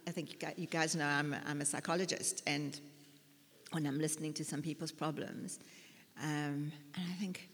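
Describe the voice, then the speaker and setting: Lady preaching casually, lowish voice, lots of ums, big echoey hall. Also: steady tone, moderate pace. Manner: chatty, self-mocking, many fillers and restarts. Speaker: lay preacher. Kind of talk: conversational sermon with personal stories. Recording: long hall reverb.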